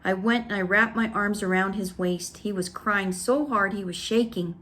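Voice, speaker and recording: A woman reads a children's novel aloud at a middle pitch. Her first-person narration is steady and expressive, even in pace and clear in delivery. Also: normal speed. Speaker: storybook reader.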